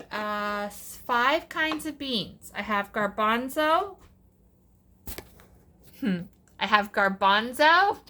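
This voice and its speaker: A woman's voice: high voice, sharp tone. A middle-aged woman hosting a casual cooking vlog, chatting along with sassy asides as she works. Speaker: cooking channel host.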